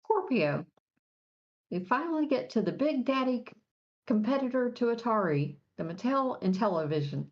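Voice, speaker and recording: Female podcast co-host, plain conversational read, muffled low-fi audio. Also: big pitch swings, moderate pace. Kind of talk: casual podcast chat, reading horoscopes. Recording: dull lo-fi audio.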